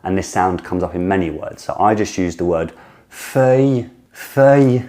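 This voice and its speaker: A man with a low, mellow voice leads a relaxed pronunciation lesson. He stretches out single sounds, repeats them several times and keeps encouraging the listener to copy him. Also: moderate pace. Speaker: French pronunciation teacher. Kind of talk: casual video lesson with drills.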